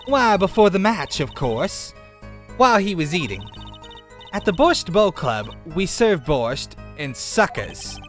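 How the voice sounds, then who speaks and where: A man's voice: sits high, sing-song, slow pace, faint music behind, heavily acted. A man voicing a scheming female card-shark waitress with a put-on hillbilly drawl, theatrical and boastful while reading game dialogue.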